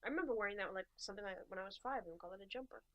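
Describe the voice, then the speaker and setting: A woman's voice: mid-range voice, rapid-fire, fairly bright tone, highs cut off. Woman with wry joking asides. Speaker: podcast co-host. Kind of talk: casual chat.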